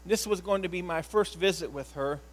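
A man, a pastor, telling a personal story in an earnest, emotional sermon style, often halting and repeating words. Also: sits high, rough recording.

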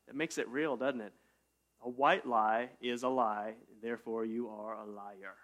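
A man preaching a casual sermon in a church, talking to his congregation like friends. He jokes often and breaks into sudden loud bursts before settling back down. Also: mid-range voice, fairly even intonation, measured pace. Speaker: pastor. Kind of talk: conversational sermon.

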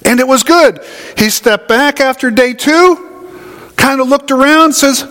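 A man's voice: very high voice, animated, slow pace, fairly bright tone, in a large hall. A man preaching a sermon in a conversational, folksy way, telling homey stories. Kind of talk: sermon teaching.

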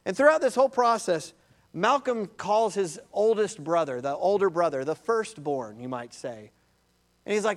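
Male pastor with a high, lively sermon delivery and a storyteller's energy. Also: normal speed. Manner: animated storytelling, addresses listeners as beloved.

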